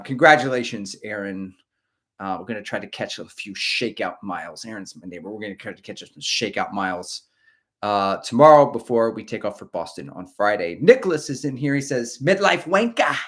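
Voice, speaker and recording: A man's voice: lowish voice, normal speed, a bit bright. A middle-aged man hosting a casual livestream, rambling and chatty as he reads out viewer comments. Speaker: host of a running livestream.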